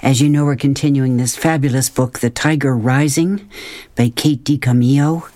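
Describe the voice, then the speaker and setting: A woman hosting a children's show, reading a book aloud in a clear, expressive way. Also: rumbling low, moderate pace, no echo. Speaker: host and storyteller.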